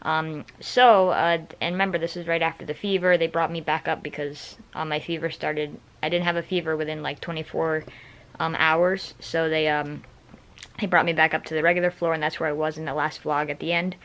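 A man's voice: on the high side, flat delivery, brisk, fairly bright tone, rough recording. A young man vlogging casually from a hospital room, tired after surgery, rambling with many fillers and restarts. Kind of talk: casual vlog chat.

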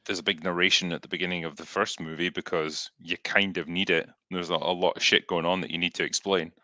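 Dry-voiced, bright-toned male chat host. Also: low voice, steady tone, quick pace, dry recording. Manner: profane, laughs easily. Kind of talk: casual chat, reading viewer questions.

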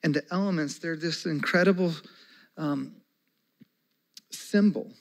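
A pastor in his forties delivers a sermon in a slightly higher-than-average male voice. He keeps it conversational and earnest, slipping in folksy asides as he speaks. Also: measured pace.

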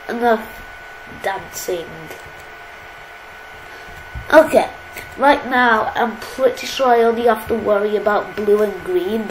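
A woman hosting her gaming channel, chatting casually and poking fun at herself while she plays. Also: mid-range voice. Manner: chatty, self-deprecating, easily excited. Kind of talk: casual game commentary. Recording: roomy echo, faint background hiss.

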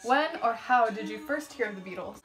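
A woman's voice: a little high, fairly quick, over music, low-quality recording. A woman hosting a casual chat, reading out questions playfully and laughing easily. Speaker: host asking tag questions.

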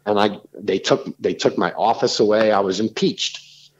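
A man, talking as a podcast guest in rambling, animated stories full of restarts. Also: lowish voice, normal speed, highs cut off. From New York City. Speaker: rock singer, podcast guest. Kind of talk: casual podcast conversation.

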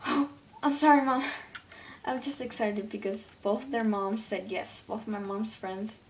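A woman voicing an easily excited young daughter pet in a home-made toy pet role-play, gushing and tripping over her words. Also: fairly high pitch, a little slow, a little hiss or hum, natural voice, rough recording. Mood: giddy.

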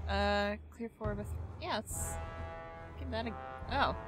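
A woman's voice: medium pitch, moderate pace. A woman giving chatty let's-play commentary, exclaiming and talking to herself as she plays. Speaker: gaming channel host. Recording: voice over loud game music. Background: game music and sound effects.

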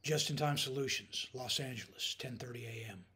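A man reading an audiobook as narrator, in calm, measured scripted narration. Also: medium pitch.

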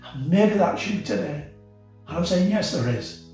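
Male pastor, earnest impassioned sermon, boomy church room, mic a bit far off. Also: animated, normal speed. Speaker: senior pastor. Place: church auditorium. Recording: echoey church hall, mic at a distance. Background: soft guitar music.

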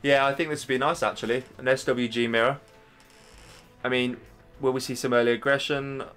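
A man in his thirties from England, hosting a live game stream and commentating matches in a chatty way, talking straight to his viewers and getting excited at big plays. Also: medium pitch, a little fast, faint music behind. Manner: chatty, addresses the chat directly, gets excited at plays. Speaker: stream host and caster.

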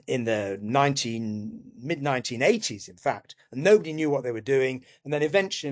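A man, a biologist and author, explaining science in a conversational interview, with lively restarts and self-deprecating humor. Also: medium pitch.

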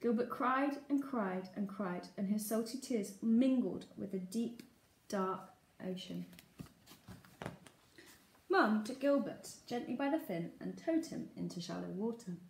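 A woman teacher from England reading a children's story aloud in a lively, expressive way. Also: medium pitch, a little slow. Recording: echoey room.

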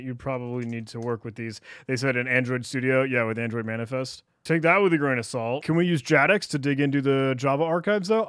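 A cybersecurity YouTuber, a man, casually talking through a screen recording, animated and jokey as he reads chats aloud. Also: mid-range voice, no room sound, studio quality.

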